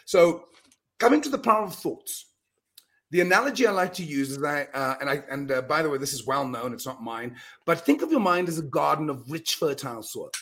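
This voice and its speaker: A middle-aged man speaking as a guest on an interview podcast. He talks in an emphatic, earnest way, with quick restarts and repeated words. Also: a little high, lively intonation, a bit bright. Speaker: guest speaker on mind power. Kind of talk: animated storytelling in a podcast interview.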